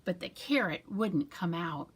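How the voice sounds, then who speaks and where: A woman's voice: lowish voice, lively intonation, unhurried, slightly rough. A woman children's librarian leading a storytime, reading a story with sound effects and doing hand-motion rhymes.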